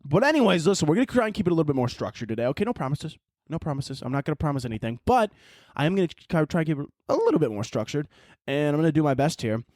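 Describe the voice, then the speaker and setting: A male podcast host rattling off profane, rambling stories at a rapid clip. He sounds short on sleep and wired, with his voice sitting a bit high. The mic is close and the sound is dry. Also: no echo. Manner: rambling, profane, animated storytelling. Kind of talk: casual solo podcast monologue.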